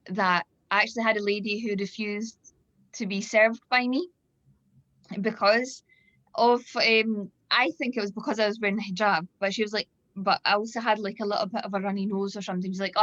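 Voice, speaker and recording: A woman's voice: medium pitch, fairly bright tone, dry recording. A woman in her thirties with a Scottish accent, hosting a casual panel chat over a video call, talking with many fillers and restarts. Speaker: event host. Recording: dull lo-fi video call audio.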